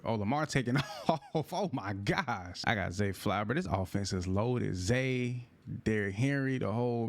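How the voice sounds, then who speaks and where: A young man giving hyped, slangy commentary over his own football video game, his voice going in and out. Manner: hyped, slangy trash talk with sudden high yelps. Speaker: gaming YouTuber. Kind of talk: gameplay commentary.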